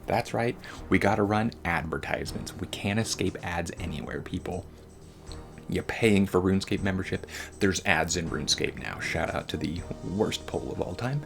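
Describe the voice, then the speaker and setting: A man's voice: low voice, normal speed, vocal fry, soft background music. A man giving casual, rambling gameplay commentary as a voice-over, slangy and joking.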